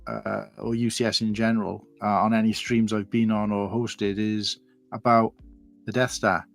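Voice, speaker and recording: A man's voice: on the low side, level tone, moderate pace, vocal fry. A man chatting casually as a panelist on a livestream, rambling and loose, with music playing faintly behind him. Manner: rambling, loose and conversational, with restarts. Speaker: guest panelist.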